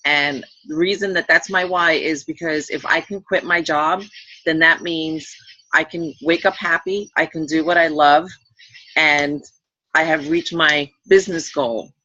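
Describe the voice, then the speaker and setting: A woman's voice: low-pitched, fairly even intonation, measured pace, bright, forceful tone, no room sound, muffled recording. A woman in her forties on a team call, talking plainly and earnestly. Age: 40s.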